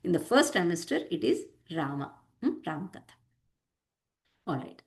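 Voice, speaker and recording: A woman giving a devotional discourse, animated, acting out quotes and checking in with "hmm?" and "huh?" asides. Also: deep voice, normal speed. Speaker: spiritual teacher.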